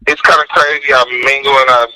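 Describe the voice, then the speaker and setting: A man's voice: mid-range voice, flat delivery, fast, sharp tone, poor audio. A man co-hosting a radio talk show, joking and teasing his co-host in casual banter.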